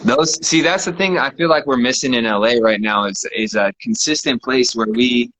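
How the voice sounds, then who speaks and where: A man hosting a casual chat from his living room, relaxed and laughing often, with lots of fillers. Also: medium pitch, normal speed, poor audio. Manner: laid-back, laughs often, many fillers. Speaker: host.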